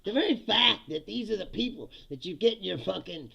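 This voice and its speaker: Reading chat comments during casual livestream commentary, a political comedy host rants sarcastically and curses freely. He sounds high, animated and fairly quick, with a bright, forceful, husky tone and vocal fry.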